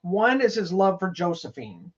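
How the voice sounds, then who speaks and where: On a slightly dull, lo-fi recording, a male podcast co-host casually and enthusiastically discusses movies, rambling and restarting as he goes. His high-pitched voice swings widely in pitch at a normal speed.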